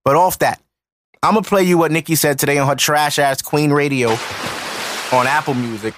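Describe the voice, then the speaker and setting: A man's voice: on the high side, normal speed, background noise. A man hosting a podcast, ranting in heated commentary with profanity and repeated points. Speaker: podcast host.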